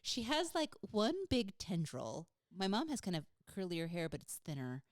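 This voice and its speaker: A woman co-hosting a podcast in casual chat, telling stories with animated, laughing delivery. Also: medium pitch, moderate pace, dry recording, clean studio sound. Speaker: podcast co-host.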